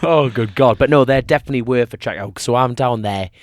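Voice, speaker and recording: A chatty young man, talking in a casual podcast. He wanders off topic, corrects himself and laughs a lot, and his voice sits at a middling pitch. The sound is close and dry, with no room around it. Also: no echo. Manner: rambling, jokey, quick to laugh, loses his thread. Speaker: podcast co-host. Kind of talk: casual chat.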